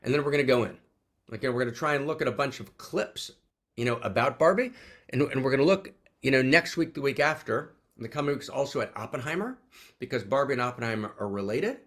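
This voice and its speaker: Brief: male teacher on a video call, lively swooping pitch, exuberant, keeps checking in with his listeners. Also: quick pace. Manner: exuberant, repeats questions, peppers talk with "right?". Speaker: teacher leading an online gathering. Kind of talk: animated spiritual teaching talk.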